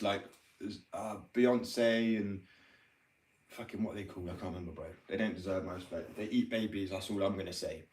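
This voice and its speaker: With a fairly low pitch and a darkish tone, a man in his 20s chats casually in a workshop room, opinionated, rambling, and sweary. The mic is far away, the room echoes, and music plays in the background.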